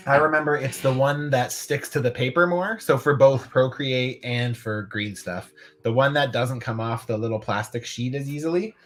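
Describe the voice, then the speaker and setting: A man's voice: medium pitch, moderate pace, a bit bright. A man hosting a casual live stream, laid-back, laughing often and swearing now and then. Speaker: host of a live customizing stream.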